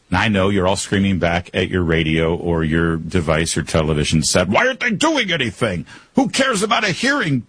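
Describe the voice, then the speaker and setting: Deep husky-voiced male commentator. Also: no room sound. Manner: sarcastic, emphatic, rhetorical. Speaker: commentary host. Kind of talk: political commentary.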